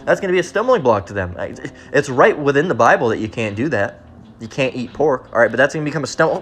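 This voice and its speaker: Plain-voiced guy preaching hard, keeps going "all right?", mid-pitch. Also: fairly bright tone. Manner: blunt, repetitive, keeps asking "all right?"; reads verses slowly and deliberately. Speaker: street preacher. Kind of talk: confrontational scripture teaching.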